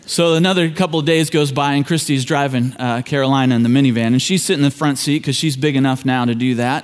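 A man's voice: medium pitch, fairly even intonation, fast, hardly any pauses. A middle-aged man, a pastor, telling a family story in a conversational, folksy way as part of a sermon.

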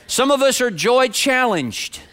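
A man's voice: very high voice, very animated, unhurried, pushed and bright. A man preaching a sermon to his congregation, earnest and direct, often repeating phrases for emphasis. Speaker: pastor.

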